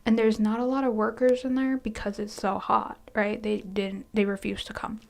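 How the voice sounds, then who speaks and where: A quiet, soft-spoken woman telling a casual storytime about her work, hesitant and sometimes sinking into near-whispers. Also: mid-range voice, flat delivery, moderate pace, gravelly. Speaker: storytime vlogger.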